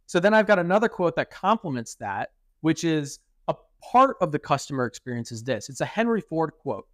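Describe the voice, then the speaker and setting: A young man co-hosting a podcast in casual chat, telling stories with lively acted quotes. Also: a little high, brisk, dry recording, studio quality. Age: young adult. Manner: animated storytelling, quotes others in acted voices. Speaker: podcast co-host.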